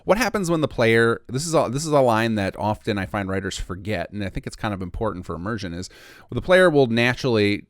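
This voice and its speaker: A man's voice: on the low side, lively intonation, fast, no echo, clean studio sound. A man giving a casual screen-recorded modding tutorial, thinking aloud and correcting himself as he clicks through the editor.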